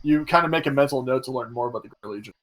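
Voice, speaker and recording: A man narrating a tabletop game as game master in a casual, relaxed way. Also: medium pitch, racing, no echo.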